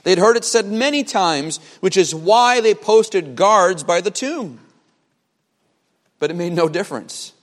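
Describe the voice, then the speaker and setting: A man preaching a sermon as a pastor, emphatic, with dramatic pauses and repeated phrases. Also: high-pitched, lively intonation. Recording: long hall reverb.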